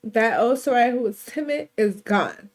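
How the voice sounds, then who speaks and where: A woman's voice: on the high side, expressive, a little slow. Woman voicing a sassy, defiant young woman. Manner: blunt, profane, sassy clapbacks. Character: bold young woman standing up to her mother.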